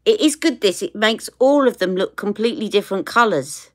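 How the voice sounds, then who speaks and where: A chatty woman talks her viewers through a makeup look while she works. Her voice is at an ordinary middle pitch. She rambles into stories, laughs easily and comes back to the brush. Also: lively intonation, fairly quick. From United Kingdom. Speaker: beauty vlogger. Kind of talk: live makeup tutorial chat.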